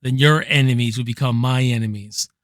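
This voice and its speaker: A man casually ranking favorite movies, rambling excitedly, swearing freely and tossing in "man" at every turn. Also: mid-range voice, fairly quick, dry recording, studio quality. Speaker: movie reviewer. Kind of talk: casual enthusiastic movie countdown.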